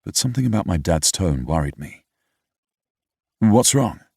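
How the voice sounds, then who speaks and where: A man's voice: deep voice, big pitch swings, quick pace, gravelly, darkish tone, breathy edge, no room sound, studio quality. A young British man narrating a first-person romance audiobook in a reflective, wry, slightly pompous way. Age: young adult.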